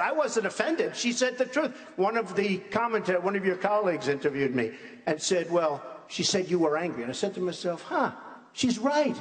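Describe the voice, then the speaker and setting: A man's voice: high-pitched, a bit bright, a little hiss or hum. Blunt man in an echoey debate hall. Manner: blunt, repetitive, conversational. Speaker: presidential candidate. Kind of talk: political debate answer. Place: large debate hall on stage.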